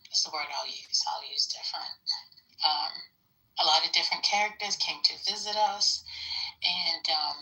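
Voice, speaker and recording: A woman hosting a casual live talk stream, chatty and hesitant with many ums, dropping into soft asides. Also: lowish voice, moderate pace, poor audio. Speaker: host.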